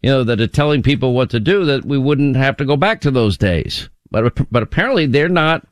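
A man's voice: mid-range voice, animated, fairly quick, dry recording. Talk radio host, male, dry close studio sound, wry and rambling.

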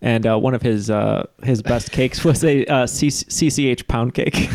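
A man's voice: medium pitch, measured pace, a little mellow. A man co-hosting a trivia podcast, talking in a rambling way with many filler words and jokes. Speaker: podcast co-host. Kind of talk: casual trivia podcast chat.

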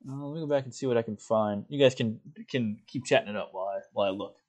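A producer on a sports podcast, speaking in a quick, offhand way. He rattles along fast in a mid-range man's voice. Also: mid-range voice, darkish tone. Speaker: show producer. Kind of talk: casual chat.

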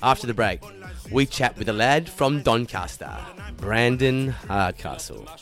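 A man's voice: mid-range voice, big pitch swings, unhurried, fairly bright tone, soft background music. A man hosting a podcast interview, chatting casually, swearing freely and calling his guest mate. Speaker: podcast host.

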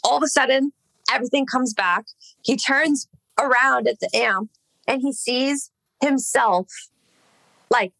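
This singer and podcast guest, a young Los Angeles woman, spins a long, meandering story in relaxed conversation, leaning hard on "like" and swearing freely. Her high, fairly bright voice is gravelly and measured, broken by long pauses, on a dry, low-quality recording.

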